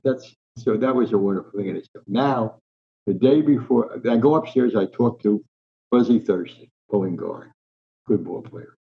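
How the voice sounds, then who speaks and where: A man's voice: lowish voice, normal speed, creaky. A man in his nineties from New Jersey, a guest in an interview telling rambling, vivid anecdotes with frequent restarts. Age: 90s. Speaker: guest, veteran sports columnist. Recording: dull lo-fi sound.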